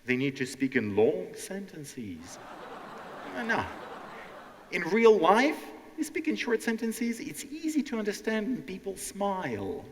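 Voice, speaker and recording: A man from Ukraine hosting a live educational stand-up show, animated and teacherly, often checking in with the audience. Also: high voice, measured pace, a little hiss or hum. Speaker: language teacher and show host. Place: large hall before a live audience. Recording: long hall reverb.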